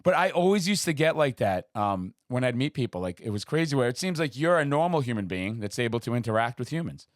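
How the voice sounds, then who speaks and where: A man hosting a casual interview, telling stories with excitement and acting out quotes in high voices. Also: fast, hardly any pauses, no room sound, clean studio sound. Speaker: podcast host.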